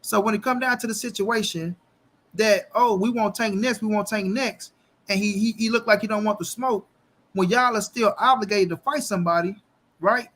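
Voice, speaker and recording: A man hosting a casual boxing talk show, animated and heavy with cursing. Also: high-pitched, normal speed. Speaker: host.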